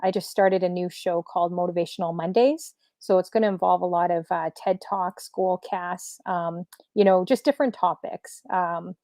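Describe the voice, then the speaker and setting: A woman streamer DJ as the guest in a casual interview, upbeat and chatty with many fillers, a little hoarse. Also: lowish voice, steady tone, moderate pace, hardly any pauses, dark tone, no echo, studio quality. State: slightly losing her voice.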